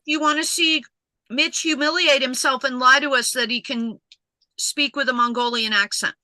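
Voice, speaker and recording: High bright-voiced woman reading out chat msgs, teasing, dry close sound. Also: fairly even intonation, moderate pace, dry recording, rough recording. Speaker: stream co-host reading chat. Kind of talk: reading chat messages aloud.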